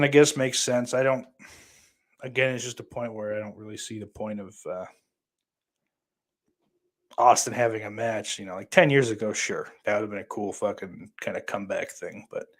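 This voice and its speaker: A man's voice: mid-range voice, moderate pace, a bit bright. Rambling, profane male podcast host. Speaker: podcast host reading live chat. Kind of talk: casual livestream chat.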